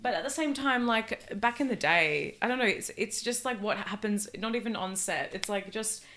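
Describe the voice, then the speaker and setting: An Australian woman, a guest comedian, talking in a casual, animated podcast chat full of fillers and swearing. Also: medium pitch, moderate pace.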